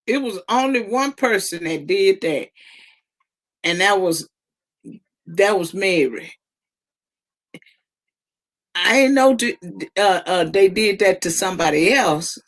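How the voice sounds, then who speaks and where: A young woman in her 20s hosts a casual livestream, teasing her viewers in an unhurried, drawn-out way. Her mid-range voice is a bit bright, and she laughs a lot and stretches out her exclamations.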